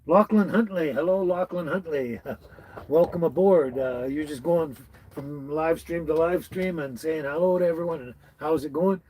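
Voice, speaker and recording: A man from British Columbia, Canada hosts a casual live stream from a tiny house with dogs nearby, greeting viewers by name in a folksy way. His voice is a little high and a little mellow, at a moderate pace, on a rough recording.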